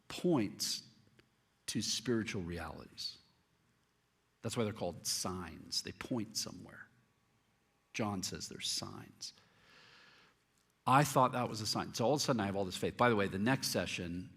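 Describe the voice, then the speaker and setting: A middle-aged male pastor telling a story in a sermon, candid and humorous with animated delivery. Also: on the low side, breathy edge. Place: church auditorium. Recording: long reverb of a church hall.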